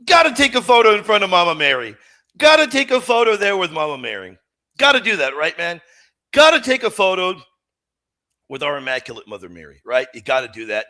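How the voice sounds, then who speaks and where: A middle-aged man hosting a live stream, chatting with viewers and answering questions. His delivery is animated, and his pitch rises and falls a lot. His tone is bright and forceful. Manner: animated and emphatic, swings between loud exclamations and quiet asides. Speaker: host of a live Catholic apologetics stream. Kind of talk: livestream chat and Q&A.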